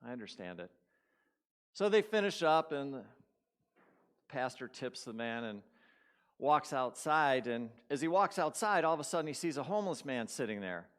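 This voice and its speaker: A man's voice: on the high side, sing-song, normal speed, a bit bright. Man preaching in a storytelling way. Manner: conversational storytelling, questions to the congregation. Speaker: guest speaker at a spiritual community. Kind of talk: sermon.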